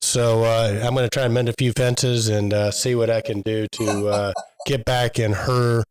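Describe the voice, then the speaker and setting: A man's voice: medium pitch, little pitch movement, moderate pace, darkish tone, clean tone, poor audio. A man co-hosting a trade podcast in casual chat, telling stories in a rambling way with many fillers. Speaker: podcast co-host.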